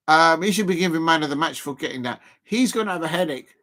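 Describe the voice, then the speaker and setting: A man doing live football reaction commentary as a streamer, chatty and quick to exclaim. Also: a little high, expressive, a bit bright. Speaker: live watch-along streamer.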